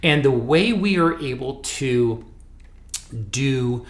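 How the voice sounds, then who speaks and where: A man's voice: mid-range voice, animated, slow. Earnest, rambling male podcast host. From United States. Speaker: podcast host and business owner. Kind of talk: casual podcast chat. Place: office.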